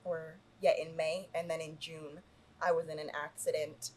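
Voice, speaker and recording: A woman's voice: low-pitched, moderate pace, slight background noise. A young woman, a podcast guest, telling a personal story in casual chat, with lots of "like" and "y'all". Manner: storytelling, animated, says "like" and "y'all" often.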